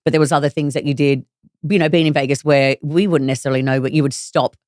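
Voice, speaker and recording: A woman with a low voice leads a casual interview with her sister. She talks fast and eagerly, jumping in to agree and add details, recorded close and dry. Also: steady tone, a little mellow, no echo. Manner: quick, eager back-and-forth with frequent agreement.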